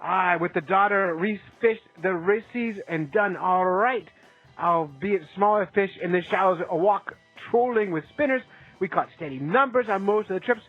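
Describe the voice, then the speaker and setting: A caller putting on a hammy, slang-heavy Australian lure-maker persona. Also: male voice, high voice, moderate pace, phone-quality sound, faint music behind. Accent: put-on Australian. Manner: hammy, slang-heavy, laughing at his own impression.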